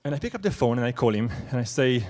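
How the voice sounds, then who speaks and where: A young man from Israel telling a true story on stage, animated, excitable and self-mocking. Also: mid-range voice, fast, a little hiss or hum. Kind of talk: live storytelling. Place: stage at a live event.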